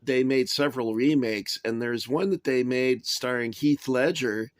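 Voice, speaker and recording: A man reviewing his toy soldier collection in a casual, chatty way, often pausing with "uh" and adding dry asides. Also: mid-range voice, no room sound. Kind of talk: casual show-and-tell review.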